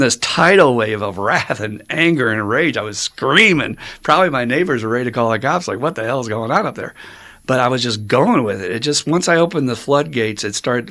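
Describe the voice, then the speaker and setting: A man shares his own story with a recovery group in a candid, self-mocking way. His voice is gravelly, and his pitch sits in the ordinary middle range. His speech is blunt and full of swearing. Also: expressive, fairly quick, few pauses, a bit bright. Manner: blunt, profane and self-mocking, with frequent laughs. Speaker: speaker sharing at a recovery meeting.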